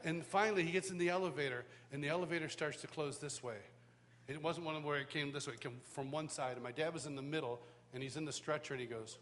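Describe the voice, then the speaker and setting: Animated man telling a sermon story. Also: fairly high pitch, quick pace. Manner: animated, self-mocking humor. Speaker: worship school teacher. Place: live church hall. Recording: live hall reverb, faint background noise.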